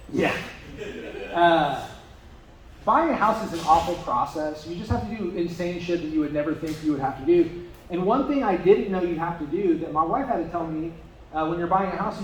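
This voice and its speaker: A young man with a high voice works through a crude stand-up set, tossing in deadpan asides between his um and uh fillers. His voice carries the ring of an echoey live room at a brewery comedy night. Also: slight background noise.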